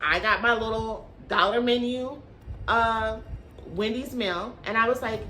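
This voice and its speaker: Bright, blunt woman telling a story. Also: on the high side, measured pace, soft background music. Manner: blunt, animated storytelling with swearing and slang. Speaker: vlogger. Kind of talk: storytime chat to camera.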